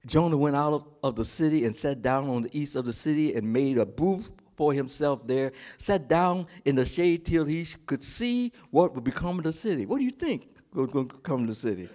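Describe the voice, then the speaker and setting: A male pastor delivering a sermon with a swooping, expressive voice that sits a little high for a man. He keeps the congregation involved with call-and-response questions. He acts out the characters of the story in dramatic voices. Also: a little fast, few pauses.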